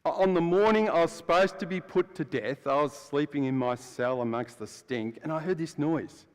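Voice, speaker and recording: A man preaching as the freed prisoner Barabbas, telling his story in the first person with a chatty, storytelling manner that swings between loud and hushed. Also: fairly high pitch, moderate pace, lightly acted. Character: adult male prisoner Barabbas, rough and blunt. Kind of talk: first-person dramatic monologue in a sermon. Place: church. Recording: long church hall reverb.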